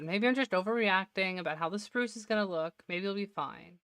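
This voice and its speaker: Woman, streamer, casual self-talk, frequent laughs, slightly worn voice, smooth and clear, dry close mic. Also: mid-range voice, fairly quick, fairly bright tone, no echo. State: slightly losing her voice. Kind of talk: casual gameplay commentary.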